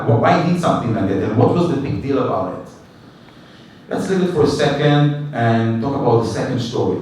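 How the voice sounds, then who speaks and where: Rabbi, animated storyteller, mid-pitched voice, heard from far off in a reverberant room with faint background hiss. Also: male voice. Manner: animated storyteller, acts out dialogue, non-native English phrasing. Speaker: rabbi giving a weekly class. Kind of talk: storytelling Torah class. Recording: echoey room recorded from a distance.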